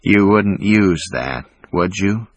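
Wounded, unhinged man, read by a male narrator: slow, calm, distant menace in a low husky voice. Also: no echo, exaggerated voice. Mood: menacing.

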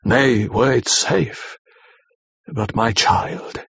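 A man voicing a solemn, fatherly elderly professor who speaks slowly and gravely. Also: on the high side, lively intonation, a little hiss or hum, pitched above the performer's own voice. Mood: solemn pleading. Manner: slow, grave, pleading delivery. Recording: slightly dull lo-fi recording.

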